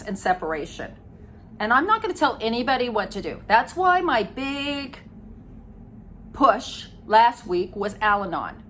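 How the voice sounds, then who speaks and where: Animated woman giving blunt recovery advice. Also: on the high side, slight background noise. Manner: emphatic, animated, acts out quoted family members. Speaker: codependency recovery coach. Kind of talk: direct-to-camera advice talk.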